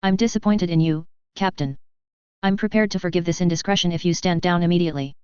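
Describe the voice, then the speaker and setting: A woman voicing a cold, smug female ship AI that speaks calmly and condescendingly. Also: on the low side, quick pace, smooth, no echo, natural voice. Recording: dry, slightly dull lo-fi recording.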